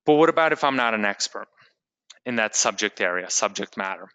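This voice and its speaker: Bright, crisp male webinar presenter, eager salesy pitch, speaks directly to viewers, dry close sound. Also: animated, a little fast, dry recording. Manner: enthusiastic, salesy, talks straight to the audience. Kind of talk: live sales webinar teaching.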